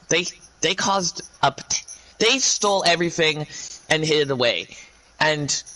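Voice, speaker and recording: Man ranting to his viewers; bright, sharp tone and a lively pitch; halting, rambling delivery. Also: rough recording. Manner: ranting, halting, many restarts.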